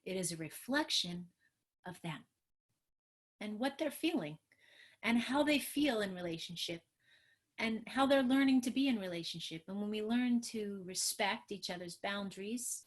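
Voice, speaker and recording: A middle-aged woman, a trauma therapist, giving an animated, emphatic webinar talk on a video call and acting out what parents and children say. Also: mid-range voice, moderate pace. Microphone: computer mic on a video call.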